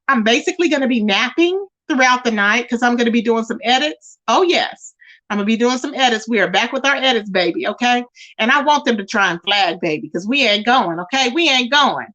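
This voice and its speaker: A woman hosting a casual online chat. She talks in a sassy, animated way and calls her listeners child and baby. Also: a little high. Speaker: YouTube commentary host. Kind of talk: casual chat to a live audience.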